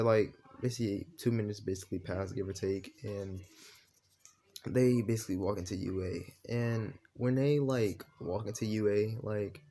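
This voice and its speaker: A man's voice: lowish voice, warm tone. A man improvising a fan story while playing a game, rambling casually with lots of fillers and swearing.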